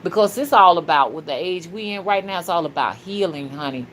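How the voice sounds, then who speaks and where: A woman hosting a spiritual livestream, talking fervently and casually to her viewers, with sudden loud shouts. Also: fairly low pitch, lively intonation, a little fast, a little hiss or hum. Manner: casual and slangy, calls listeners "y'all" and "honey". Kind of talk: livestream talk reading viewer comments.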